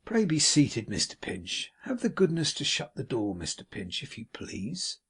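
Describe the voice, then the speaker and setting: Sanctimonious older gent, wounded and mild, husky tone, a man reading it out. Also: fairly high pitch, sing-song, a little slow, a little mellow, full character voice. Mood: mild reproach. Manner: sweetly self-righteous, wounded. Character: smug sanctimonious older gentleman, falsely pious.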